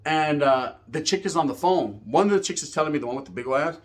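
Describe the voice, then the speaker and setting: Young guy, slightly high voice, loose streetwise storyteller with plenty of swearing. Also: fast talker. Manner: streetwise slang, frequent "right?" tags. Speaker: YouTube storyteller. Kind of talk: casual profane storytelling to camera.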